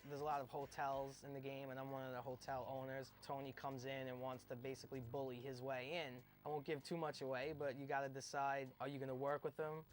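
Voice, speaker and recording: A man, a voice actor, explaining his game role in a brisk, matter-of-fact way. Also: medium pitch, flat delivery, slight background noise. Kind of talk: interview about a role.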